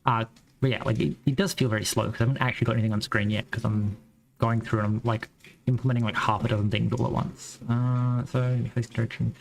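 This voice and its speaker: A man's voice: mid-range voice, little pitch movement, fast, gravelly, low-quality recording. A man with a Western Australian accent who rambles and thinks aloud while coding on a live stream. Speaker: game developer streamer.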